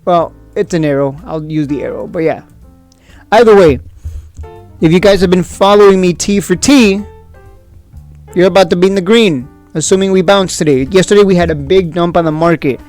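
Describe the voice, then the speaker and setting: A man hosting a stock trading video, talking casually and excitably, whooping and throwing out rhetorical questions. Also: high-pitched, normal speed, soft background music. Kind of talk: casual market commentary.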